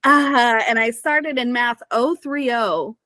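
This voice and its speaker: A woman's voice: on the high side, slow, pushed and bright, dry recording. A woman from Missouri, a podcast guest, talking casually and chattily with lots of "like" and "you know" fillers. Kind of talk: casual conversational interview.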